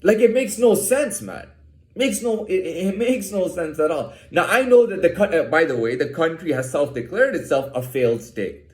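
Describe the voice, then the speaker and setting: A man rants with heat, cursing and tripping over his words, piling up "like" and "man." His voice sits a bit high and swings widely in pitch. The sound bounces around a roomy space. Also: animated, normal speed. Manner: heated, profane, stammering with repeated fillers. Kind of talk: casual rant.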